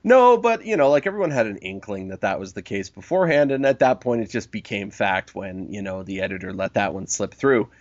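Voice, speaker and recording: A man hosting a casual chat, animated and swearing freely, quoting people in mock voices, on a dull lo-fi recording. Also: on the low side, fairly quick, hardly any pauses, dry recording.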